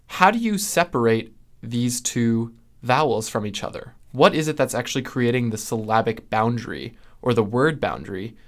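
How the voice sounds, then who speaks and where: A young man with a General American accent, explaining speech sounds in a measured, teaching way, with fillers and restarts. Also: medium pitch. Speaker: linguistics video host. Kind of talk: explanatory lesson.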